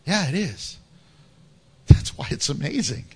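High-voiced pastor preaching with humor. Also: male voice, a little slow, husky. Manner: animated, humorous, laughs often, acts out Bible stories. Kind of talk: sermon. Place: church.

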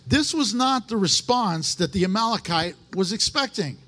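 A male pastor preaching in a church, his voice pitched fairly high and swinging widely up and down. He talks in a folksy, animated way, dropping into quick acted asides as he makes his points. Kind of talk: sermon.

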